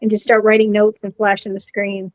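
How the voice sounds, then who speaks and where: A woman's voice: mid-range voice, monotone, fairly quick, no room sound, poor audio. Middle-aged woman, dry close voice. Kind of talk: casual chat.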